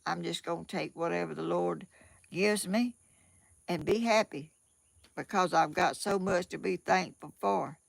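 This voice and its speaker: A woman's voice: on the low side, a little slow, creaky, no room sound. An older woman from Georgia with a Southern accent, rambling in a casual home vlog and often repeating herself. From Georgia, USA. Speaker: vlogger.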